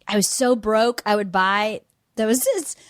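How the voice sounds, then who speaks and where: A woman's voice: medium pitch, a little slow. A middle-aged woman from Georgia with a Southern accent, telling stories in a casual interview and acting out quoted voices. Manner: animated storyteller, acts out quoted voices. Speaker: guest. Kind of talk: casual conversation.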